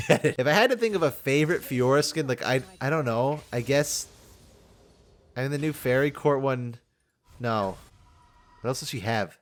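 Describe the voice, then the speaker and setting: Rambling, halting young man gaming host. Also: on the high side. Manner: rambling, halting, with many repeated restarts. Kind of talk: casual game commentary.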